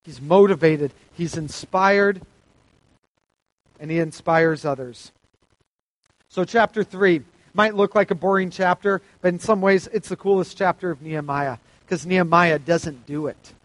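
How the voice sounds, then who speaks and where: A man delivering a sermon in a fairly high voice, animated and emphatic as he reads scripture aloud. The sound is dry and close, with no room echo. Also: measured pace. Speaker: preacher.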